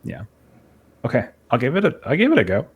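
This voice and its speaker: A man's voice: mid-range voice, huge pitch swings, fast talker, husky. Rambling man player, lots of fillers. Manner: rambling, filler-heavy, self-deprecating. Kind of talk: casual play chat.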